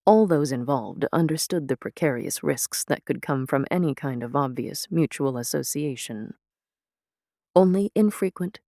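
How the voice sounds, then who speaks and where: A man reading scripted narration in a steady, deliberate storytelling voice. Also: fairly high pitch, no echo, clean studio sound.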